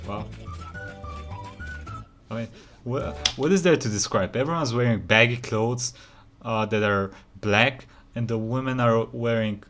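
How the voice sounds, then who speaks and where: A man's voice: mid-range voice, a bit bright. A man hosting a reaction video, ranting incredulously with rhetorical questions in casual commentary.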